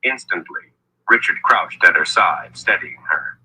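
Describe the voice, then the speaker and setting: Man, audiobook narrator, low husky voice, forceful tone, measured fantasy storytelling. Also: lively intonation, rough recording.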